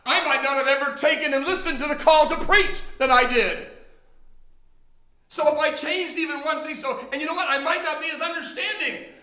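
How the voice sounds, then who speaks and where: A man's voice: very high-pitched, normal speed, pushed and bright. A man preaching a personal testimony sermon in a church, emphatic, repeating words as he builds. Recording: very echoey hall.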